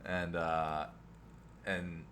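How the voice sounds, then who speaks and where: A man in his thirties hosting a casual podcast, telling stories easygoingly and backing his co-host with steady "yeah"s. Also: low-pitched, very slow, a little hiss or hum. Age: 30s. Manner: easygoing, many "yeah" and "uh-huh" back-channels, storytelling. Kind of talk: casual chat.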